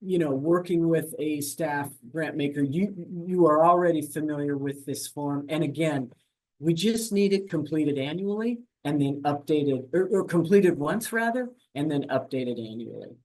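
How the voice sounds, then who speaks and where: A grants administration staff member walking viewers through an online portal in a webinar, talking fast with frequent fillers and self-corrections. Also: mid-range voice, darkish tone. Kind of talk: webinar screen-share walkthrough.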